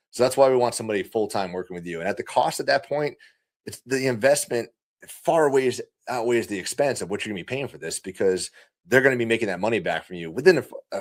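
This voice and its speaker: A man who is a guest on a podcast, chatting about running his business with a lively, animated delivery and easy laughs. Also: medium pitch. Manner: animated, fast-talking, laughs easily. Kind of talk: casual conversational interview.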